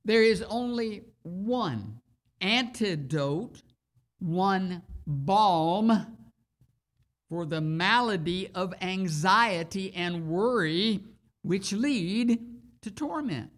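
A preacher giving a sermon and reading scripture, speaking deliberately and repeating key phrases for emphasis. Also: mid-range voice, expressive.

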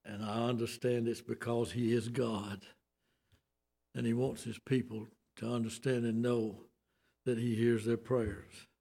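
A man's voice: medium pitch, little pitch movement, a little slow, creaky, mellow. An older man with a Southern US accent preaching a sermon, folksy and emphatic, with homespun asides.

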